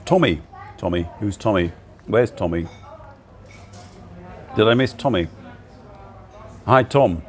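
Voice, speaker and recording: A middle-aged man, talking into a laptop at a cafe. His voice sits fairly low but swings widely and animatedly in pitch as he chats, laughing often and teasing himself. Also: expressive, takes it slowly, long pauses. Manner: chatty, laughs often, self-mocking. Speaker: livestream host. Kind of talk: casual chat livestream.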